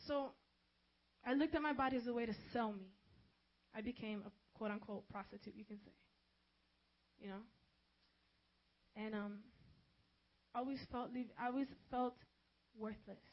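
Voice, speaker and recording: Woman sharing a personal testimony, high voice, chatty and candid, on a dull lo-fi recording. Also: moderate pace, pauses often. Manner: conversational, frequent "you know" asides. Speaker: speaker giving a personal testimony.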